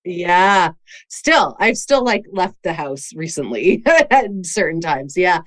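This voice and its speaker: A woman's voice: lowish voice, sing-song, takes it slowly, a bit bright. A woman hosting a podcast who is also a coach, chatting reflectively and laughing often. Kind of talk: casual podcast conversation.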